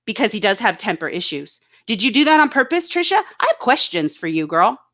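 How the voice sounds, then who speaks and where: A woman's voice: medium pitch, sing-song, fairly quick, fairly bright tone. A woman hosting her own channel, talking casually and bluntly about online drama, swearing freely and reading out viewers' chat comments. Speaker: YouTube channel host.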